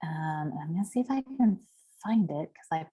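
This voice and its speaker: Woman team leader, fairly low voice, rambles chattily with fillers, heard over a video call. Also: animated, normal speed, mellow, breathy edge. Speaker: team leader hosting a meeting. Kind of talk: casual chat.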